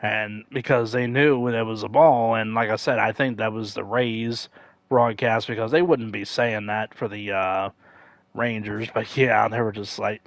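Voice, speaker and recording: A man casually chatting on a game livestream, rambling with lots of fillers and self-corrections, now and then acting out loud excited announcers. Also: unhurried, no room sound. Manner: acts out quoted announcers with sudden loud high outbursts. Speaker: livestream gamer.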